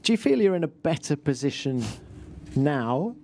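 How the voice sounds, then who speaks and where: Guy hosting a press conf, warm mellow tone, calm polished questions. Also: on the high side, moderate pace, slight background noise. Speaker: press conference moderator. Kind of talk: formal questioning.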